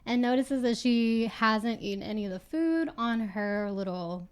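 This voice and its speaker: A young woman with a slightly high voice talks through a book chapter with her co-host. Her chat is casual and lively, and she laughs easily as she acts out quoted lines. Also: measured pace, clean tone. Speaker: podcast co-host.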